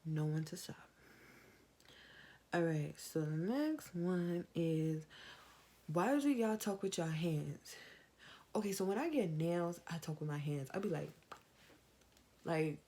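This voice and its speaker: A young woman, chatting casually to camera in an advice vlog and acting out quoted lines in a higher voice. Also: a little slow, long pauses, mellow. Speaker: vlogger.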